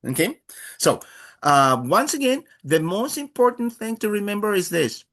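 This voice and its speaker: A man's voice: high-pitched, sing-song, normal speed, fairly bright tone. A man teaching a beginner Spanish class, explaining patiently with many fillers and acting out short dialogues. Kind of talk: live online Spanish lesson.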